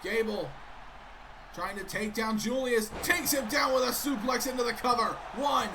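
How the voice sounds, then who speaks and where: A man doing excitable play-by-play commentary of a wrestling video game, keeps breaking off with sudden interruptions. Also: very high-pitched, moderate pace, noisy background.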